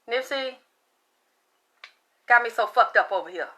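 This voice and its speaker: A woman's voice: fairly high pitch, expressive, measured pace, sharp tone. A middle-aged woman hosting a casual spiritual talk, blunt and profane, rambling with frequent restarts. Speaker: spiritual talk show host.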